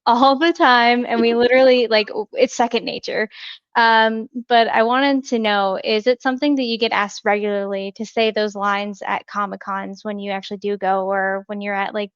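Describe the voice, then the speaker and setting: A woman's voice: medium pitch, clear, resonant tone, no room sound, highs cut off. A woman interviewing an actress, asking eager, fan-like questions with lots of fillers. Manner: enthusiastic, fan-like, many fillers.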